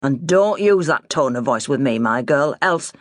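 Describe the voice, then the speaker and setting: In a dry, studio-quality recording, a woman voices a stern older farmer father, blunt and scornful, though the voice sounds like a man's: medium pitch, expressive, normal speed, and close to an everyday voice.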